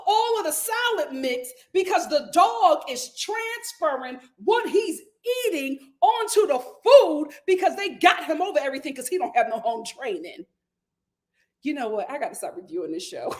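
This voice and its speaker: A woman hosting a casual reality TV recap vlog, sassy and loudly exasperated. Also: high voice, sing-song, normal speed. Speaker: vlog host.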